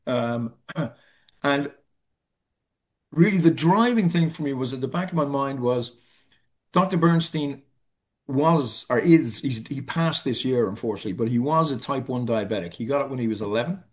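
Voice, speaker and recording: Middle-aged Irish man, mid-pitched, reflective storyteller with wry humor; slightly dull lo-fi recording. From Ireland. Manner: reflective, halting, self-deprecating humor. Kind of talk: personal story in conversation.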